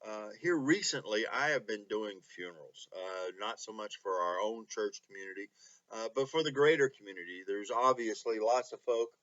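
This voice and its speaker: A pastor leading a Bible study, speaking earnestly with many pauses and reading scripture with feeling. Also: male voice, lowish voice, expressive, a bit bright, lo-fi sound. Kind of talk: online Bible study teaching.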